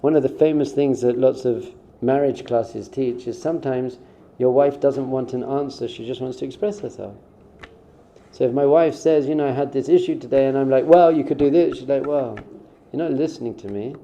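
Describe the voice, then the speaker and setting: A man's voice: mid-range voice, normal speed, dark tone, slight background noise. A man who is a rabbi, giving a conversational spiritual talk in an informal way and acting out short quoted exchanges. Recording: dull, muffled sound.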